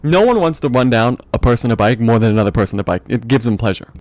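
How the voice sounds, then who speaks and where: A young male podcast host with a medium-pitched, darkish voice races through a comic rant, expressive and exasperated, swearing and laughing often. The recording has no echo.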